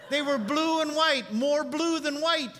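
A male pastor preaching a sermon, telling stories and moving between hushed reflection and animated telling. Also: very high-pitched, unhurried, big-room sound.

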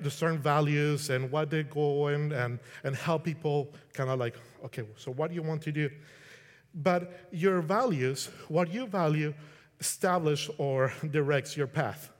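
A middle-aged man from Colombia, giving a casual, conversational sermon and acting out quotes. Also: a little high. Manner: conversational, restarts, acts out quotes. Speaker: preacher. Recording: long hall reverb.

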